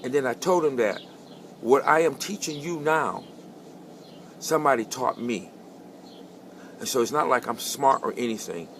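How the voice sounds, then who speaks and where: A middle-aged man tells a personal testimony in a plain, medium-pitched voice. He talks conversationally, circles back on phrases for emphasis and rises into fervent peaks. A faint hiss sits under the recording. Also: moderate pace, pauses often, a bit bright. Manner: conversational, repeats himself for emphasis, builds to fervent. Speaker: storyteller sharing a testimony.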